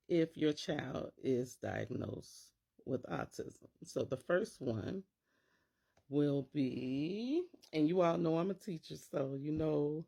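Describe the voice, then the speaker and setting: A woman's voice: low voice, vocal fry, mellow. A middle-aged woman, a teacher and parent, talking casually to camera and acting out worried inner voices in quotes.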